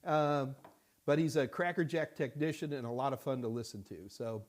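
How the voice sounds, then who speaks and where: Speaking at medium pitch and a moderate pace, a man hosts a live-stream Q&A from a Houston studio. He answers viewer questions, chatting casually, cracking jokes, and greeting people by name.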